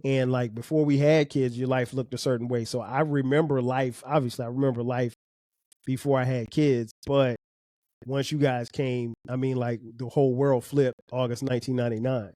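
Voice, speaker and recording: A man's voice: mid-range voice, level tone, normal speed, dark tone, dry recording, studio quality. A middle-aged man, a podcast host and father, talking earnestly about parenting, often restarting and repeating words. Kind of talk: reflective casual talk.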